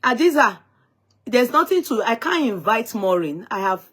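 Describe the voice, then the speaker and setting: A woman's voice: fairly high pitch, sing-song, normal speed, fairly bright tone, husky. A woman hosting a live-stream talk show, speaking in an emphatic, indignant way and often repeating herself as she recounts a dispute. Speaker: host of an online talk show.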